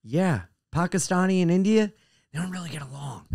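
A jokey man co-hosting a comedy podcast, his slightly high voice gravelly and full of swings in pitch. He chats casually and laughs often. The sound is dry and close. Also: expressive, fairly quick, a little mellow, no room sound. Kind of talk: casual chat.

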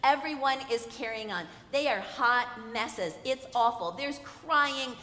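A woman with a fairly high voice preaches a sermon as a guest speaker. She swings from soft, hushed lines to loud, emphatic ones and keeps asking the congregation questions. Her voice rings through a roomy church with a long reverb tail. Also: a little slow. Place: church sanctuary.

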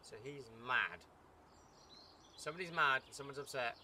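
Excitable man commentating a game. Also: medium pitch, normal speed. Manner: excitable, chattering, cheering the game on. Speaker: gaming YouTuber. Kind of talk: let's play commentary. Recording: loud background noise.

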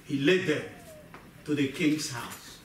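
Animated man preaching in an echoey hall. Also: medium pitch, takes it slowly, slight background noise. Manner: animated, acts out voices, asks the congregation questions. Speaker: pastor. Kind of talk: sermon. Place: church hall. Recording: echoey church hall, mic far off.

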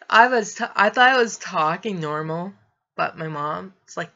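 A woman's voice: lowish voice, lively intonation, slow, pauses often, sharp tone, lo-fi sound. A young adult woman vlogging, telling a personal story in a rambling, casual way and laughing through it.

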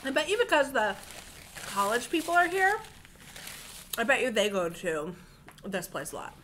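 A woman's voice: a little high, big pitch swings, normal speed, fairly bright tone, slight background noise. A woman co-hosting a casual mukbang vlog, gushing about the food and talking to viewers with lots of "like". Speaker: vlog co-host.

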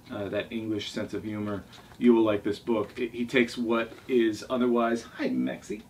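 A sailing vlogger eagerly shows off his favorite books from his library in a casual, rambling show-and-tell, often restarting sentences and going off on asides. His voice is mid-range, and the distant mic picks up faint background noise.

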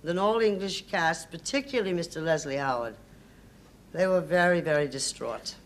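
A woman's voice: fairly low pitch, normal speed. Emphatic older woman, sardonic. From United States. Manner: emphatic, hesitant restarts, sardonic. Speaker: interview guest. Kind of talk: reminiscing interview.

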